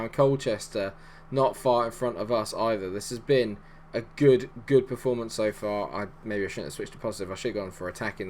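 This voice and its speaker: Guy yelling over his football sim, jokey, gets loud at goals. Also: on the low side, slight background noise. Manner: excitable, jokey, bursts into shouts at goals. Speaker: gaming YouTuber. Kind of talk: live game commentary.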